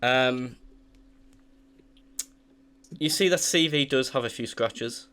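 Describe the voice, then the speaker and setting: A young man narrating as dungeon master, relaxed and hesitant, with many filler pauses. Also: mid-range voice, clear, resonant tone. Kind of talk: narrating a tabletop game.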